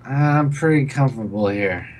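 A man's voice: medium pitch, normal speed, a little mellow, lightly acted. Man playing a drunk, weepy ship mechanic. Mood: drunk mumbling. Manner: slurring, weepy and despairing.

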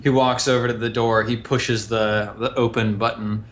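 A man's voice: lowish voice, level tone, normal speed, slight background noise. A man playing a tabletop game, describing his actions casually. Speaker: player.

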